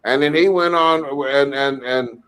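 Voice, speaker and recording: A man co-hosting a casual talk show, talking haltingly with restarts as he looks things up. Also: medium pitch, a bit bright, clear, resonant tone. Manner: halting, searching aloud, many restarts. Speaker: cartoonist co-host. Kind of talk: casual chat.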